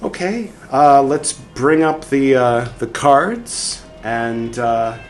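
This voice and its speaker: Speaking slowly in a mid-range voice, this man hosts a show where he gives a theatrical, dramatic reading of a text and weaves in his own comments, with soft music behind him.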